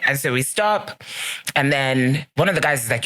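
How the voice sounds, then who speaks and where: A woman's voice: a bass voice, lively intonation, normal speed, fairly bright tone. A woman hosting a solo podcast, talking earnestly and emphatically, repeating key phrases as she gives encouragement to listeners. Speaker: podcast host. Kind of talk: solo motivational podcast talk.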